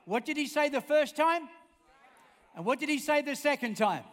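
A man's voice: very high-pitched, lively intonation, normal speed, fairly bright tone. A man preaching a sermon, emphatic and repetitive, often calling on the congregation to answer back. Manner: emphatic, calls out for congregation responses. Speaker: pastor. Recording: long reverb of a large hall.

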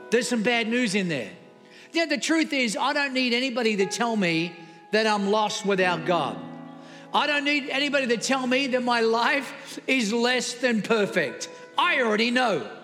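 A man preaching a sermon to a congregation, telling stories with jokey asides to the audience. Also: very high-pitched. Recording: long hall reverb with soft music.

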